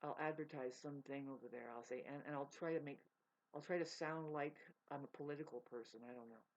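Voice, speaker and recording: A woman's voice: sits low, quick pace. A woman vlogging in a rambling, profane casual monologue, laughing mid-sentence. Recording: dull lo-fi sound.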